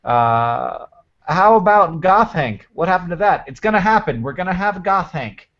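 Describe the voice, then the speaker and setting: Halting, joking male live-streamer. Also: sits high, lively intonation, highs cut off. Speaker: host. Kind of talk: casual live stream chat.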